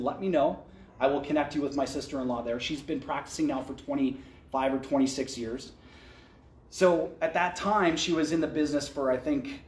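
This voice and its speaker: A man's voice: a little high, darkish tone. A man speaking candidly to an audience at an event, telling his career story in a conversational way with restarts. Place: event venue, indoors. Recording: echoey event room.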